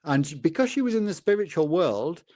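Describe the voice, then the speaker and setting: A man in his fifties, a guest telling personal stories in a relaxed conversation and acting out the dialogue. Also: a little fast, no echo. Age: 50s. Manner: animated storyteller, acts out dialogue with lively pitch jumps. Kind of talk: casual storytelling in a conversation.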